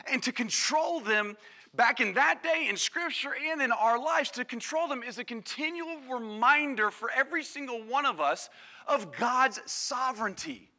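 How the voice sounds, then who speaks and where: A man preaching a sermon to a congregation, energetic and calling on the crowd, acting out quoted voices. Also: extremely high pitch, moderate pace. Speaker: pastor. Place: church service.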